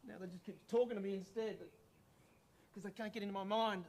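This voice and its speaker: A man's voice: sits high, steady tone, quick pace, darkish tone. A man playing a frightened, paranoid man off his medication, agitated and stammering, repeating himself. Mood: fearful.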